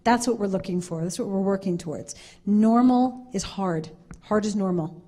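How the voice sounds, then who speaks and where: An earnest woman speaking on a conference panel. She talks at a medium pitch, circles back to the same phrases, and acts out little quoted exchanges as she goes. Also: quick pace, warm tone, slightly rough.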